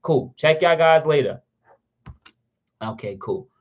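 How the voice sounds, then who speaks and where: A man hosting a casual car livestream, reading chat and answering questions in an excitable, rambling way. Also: a little high, takes it slowly, lo-fi sound. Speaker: car channel host answering live chat.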